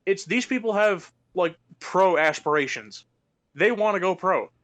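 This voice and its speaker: A man's voice: sits high, lively intonation, unhurried, a bit bright. A young man co-hosting a casual sports talk stream, ranting heatedly and swearing often. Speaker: co-host.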